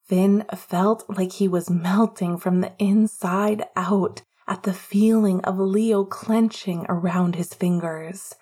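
A woman narrating a romance audiobook in a hushed, often half-whispered delivery. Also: fairly low pitch, husky.

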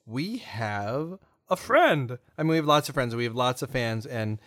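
A man co-hosting a podcast talks in loose, easygoing chat, his voice sitting at an ordinary pitch. He rambles through his points with plenty of fillers and restarts. The sound is dry and close, with no room around it. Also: sing-song, moderate pace, a bit bright, no echo. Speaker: podcast co-host. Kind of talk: casual chat.

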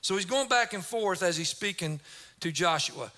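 Preaching with energy, a middle-aged pastor speaks at a moderate pace, his high, ringing voice building to forceful shouts to hammer home each point.

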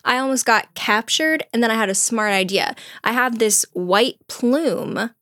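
Woman voicing a bragging noble officer, smug, pitched a bit high. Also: a little slow, a bit bright, no room sound, clean studio sound. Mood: boastful. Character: pompous cowardly male nobleman officer.

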